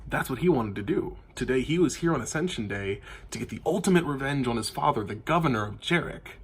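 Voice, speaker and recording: Guy voicing a husky bird-man bent on revenge, talking fast and urgent. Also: medium pitch, lively intonation. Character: young male bird-folk, secretive and vengeful.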